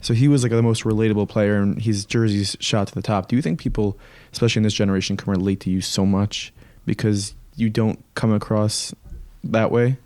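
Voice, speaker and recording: A man's voice: on the low side, steady tone, fairly quick, a little mellow, no echo. A man co-hosting a podcast, asking long, rambling questions with fillers. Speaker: podcast co-host. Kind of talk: casual interview questions.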